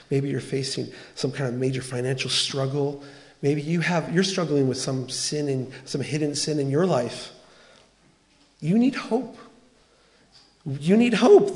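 Male pastor, sermon delivery, earnest and animated, slightly high voice. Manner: earnest, animated storytelling with quoted dialogue.

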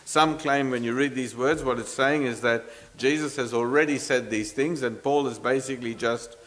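A man's voice: mid-range voice, steady tone, moderate pace, a bit bright. A man preaching an expository sermon, earnest and emphatic, with frequent fillers and restarts, asking the congregation rhetorical questions.

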